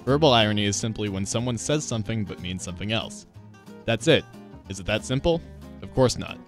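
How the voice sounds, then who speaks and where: A man's voice: fairly low pitch, animated, a little fast, music in the background. Man narrating a literature lesson. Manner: clear, explanatory, addresses students directly. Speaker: teacher.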